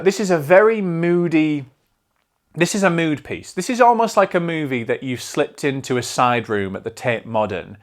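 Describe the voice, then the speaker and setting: A man with a Northern English accent hosting a casual film review show, chatty and digressive, often restarting his sentences. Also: mid-range voice. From north of England.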